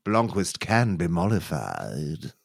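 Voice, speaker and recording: A man voicing a pompous male would-be gladiator who speaks of himself in the third person, slow and grand. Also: low-pitched, big pitch swings, vocal fry, no echo, clean studio sound, pitched below the performer's own voice, full character voice. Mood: grandiose. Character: pompous male aerial-ace gladiator hopeful.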